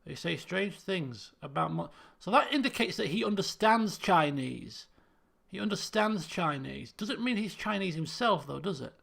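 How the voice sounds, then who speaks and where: Gravelly high-voiced man thinking aloud. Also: animated, normal speed, fairly bright tone. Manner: muttering and thinking aloud, repeats himself. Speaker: game streamer. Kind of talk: casual let's-play commentary.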